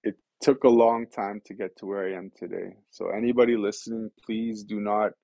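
A man with a low, gravelly voice tells his recovery story as a guest. He talks in an earnest, rambling way, leaning on fillers. The recording is dull and lo-fi, with a dry sound. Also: flat delivery, moderate pace, warm tone, dry recording. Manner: earnest and rambling, many fillers like "you know" and "right". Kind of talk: candid personal storytelling.

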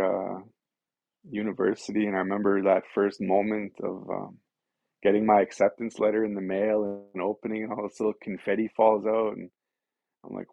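A man's voice: lowish voice, creaky, dry recording. A man telling his recovery story as an interview guest, earnest and rambling, with lots of "you know" and "right". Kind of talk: candid personal storytelling. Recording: dull lo-fi dry recording.

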